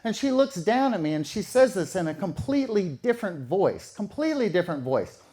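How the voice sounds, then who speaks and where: A man's voice: high voice, very animated, brisk, dark tone. A man telling a true story in a casual, conversational way, repeating phrases for effect.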